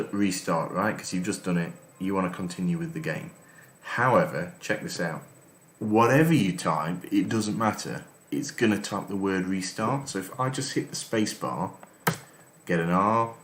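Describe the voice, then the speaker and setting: A man giving casual let's-play commentary as host, reading game text aloud between his comments. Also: deep voice. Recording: echoey room with faint noise.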